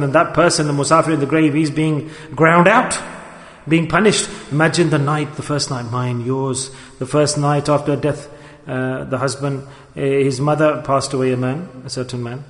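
A man preaching a sermon with emotion, firing rhetorical questions at his listeners and often dropping to a hushed tone. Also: fairly high pitch, steady tone, moderate pace. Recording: echoey hall with long reverb.

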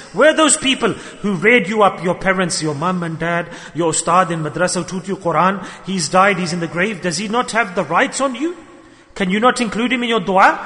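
A man's voice: high-pitched, pushed and bright. A man preaching a sermon at a gathering on a microphone, impassioned and full of rhetorical questions. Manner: impassioned, rhetorical questions, rises and falls sharply. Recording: reverberant hall.

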